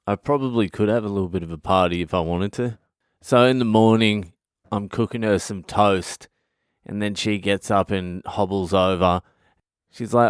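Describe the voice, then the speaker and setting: A man's voice: deep voice, smooth, no echo, studio quality. A man with an Australian accent, a comedian hosting his own podcast and telling rambling, profane stories in a casual monologue.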